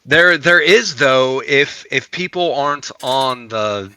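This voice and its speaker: A man guesting on a gaming podcast talks in a very bright, sharp tone. He gushes through long stories with a sarcastic edge, recorded dry and close. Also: mid-range voice, expressive, takes it slowly, clear, resonant tone, dry recording, poor audio. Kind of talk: casual chat.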